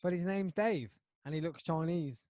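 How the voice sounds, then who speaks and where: A man hosting a podcast, telling a story in a rambling, animated way with lots of restarts. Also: fairly high pitch, moderate pace, dry recording, clean studio sound. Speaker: podcast host. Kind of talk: casual chat.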